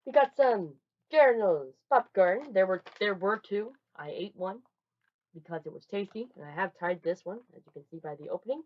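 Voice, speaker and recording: Lively young woman, lo-fi home recording. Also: on the low side, brisk. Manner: chatty, rambling, with frequent restarts and loud bursts. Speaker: vlogger. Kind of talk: casual show-and-tell haul.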